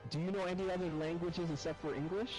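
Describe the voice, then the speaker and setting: A man's voice: sits high, steady tone, quick pace, over music, poor audio. Defensive young-sounding man in voice chat. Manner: casual, defensive, profane. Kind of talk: casual voice-chat banter. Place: online game voice chat.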